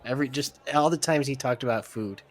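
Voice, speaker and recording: Man, mid-pitched voice, casual podcast co-host, jokey, laughs a lot. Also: fairly quick. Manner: joking, laughs often, corrects his co-host. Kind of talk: casual chat.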